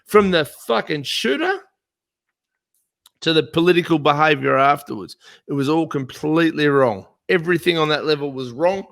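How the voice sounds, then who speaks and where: A man's voice: on the high side, lively intonation, normal speed, creaky, a bit bright. An Australian man from a small country town, ranting profanely in a casual political chat. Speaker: podcast host.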